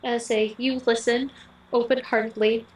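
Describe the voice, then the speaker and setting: A young woman, the bride, reading her wedding vows in a heartfelt, earnest way, pausing between short phrases. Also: fairly high pitch, level tone. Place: wedding ceremony venue. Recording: echoey, picked up from a distance.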